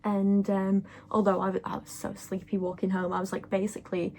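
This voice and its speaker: Chatty woman with gravelly fry. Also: mid-range voice, monotone, a little fast, dark tone, a little hiss or hum. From England. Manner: chatty, rambling, lots of fillers and "like". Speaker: vlogger. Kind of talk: casual chat to camera.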